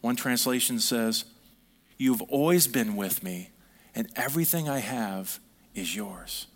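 A man preaching a sermon, reading scripture aloud and acting out the quoted lines with lively swings in his delivery. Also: mid-range voice, measured pace. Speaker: pastor.

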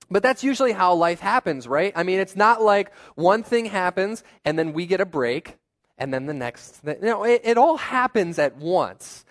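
A young man preaches in a relaxed, conversational way, mixing personal stories with quick asides. His voice sits a little high for a man. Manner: conversational, self-deprecating storytelling with asides. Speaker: pastor. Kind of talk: sermon.

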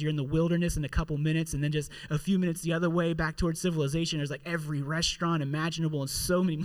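A man in his thirties telling a casual personal story in a talk about gratitude. He is chatty, fills his speech with "like" and drops quieter for wry asides. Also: on the high side. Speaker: father giving a motivational talk.

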